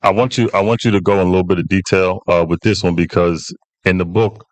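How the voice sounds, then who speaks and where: A man moderating a book talk and asking the author relaxed questions. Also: low voice, fast, no echo. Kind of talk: interview questions.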